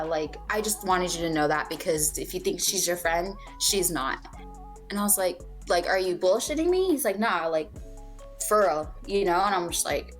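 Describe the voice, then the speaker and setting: A young woman co-hosting a podcast, casually telling a personal story, swearing freely and acting out what people said. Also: lowish voice. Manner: candid, swears freely, acts out quoted dialogue. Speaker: podcast co-host.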